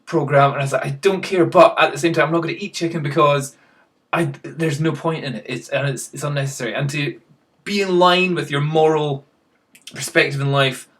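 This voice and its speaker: A man's voice: fairly high pitch, fairly even intonation, fairly quick, fairly bright tone. A man chatting casually to camera in a rambling, self-mocking way, chuckling at himself. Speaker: vlogger.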